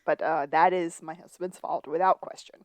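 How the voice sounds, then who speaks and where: A lower-pitched woman co-hosts a rewatch podcast and walks through the scenes with chatty, playful asides. Her voice sits close and dry, with no room sound around it. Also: steady tone, normal speed, a little mellow, no echo. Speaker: podcast co-host. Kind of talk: casual rewatch recap chat.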